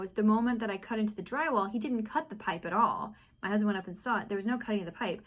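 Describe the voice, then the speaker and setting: A young woman from Texas telling a story in a casual vlog at home, animated and acting out what people said. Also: mid-range voice. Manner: animated, acts out quoted voices. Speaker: vlogger. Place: apartment at home.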